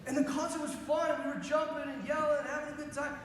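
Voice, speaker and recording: A young male priest giving an animated youth talk, telling stories with quoted voices, in a large school gym. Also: very high-pitched, quick pace, very echoey, big-room sound, a little hiss or hum.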